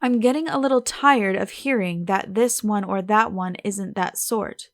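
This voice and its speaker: Audiobook figure: brisk, sardonic young gentleman sleuth, read by a woman. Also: mid-range voice, no room sound, natural voice. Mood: urgent.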